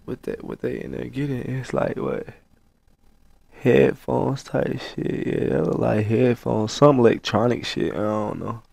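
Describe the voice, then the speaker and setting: A man's voice: mid-range voice, flat delivery, unhurried, gravelly, darkish tone. A man hosting a reaction video, talking in laid-back slang and repeating his phrases. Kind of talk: casual reaction commentary.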